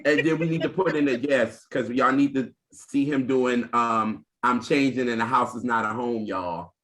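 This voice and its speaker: A man's voice: mid-range voice, moderate pace, fairly bright tone. A man co-hosting a music podcast who talks expressively and emphatically, laughing often. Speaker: podcast co-host. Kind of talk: casual chat.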